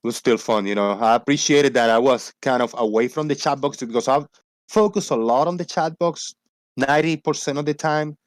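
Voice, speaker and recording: A man's voice: mid-range voice, brisk, no room sound. A man with a Puerto Rican accent hosting a livestream, talking loosely and swearing casually. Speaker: livestream host.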